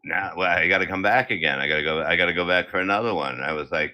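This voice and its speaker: A man's voice: sits low, fast talker, hardly any pauses, pushed and bright. A man in his seventies hosting from home, telling crude comic stories full of swearing. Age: 70s. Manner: crude, brash, swears constantly. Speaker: comedy podcast host. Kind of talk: profane comic storytelling.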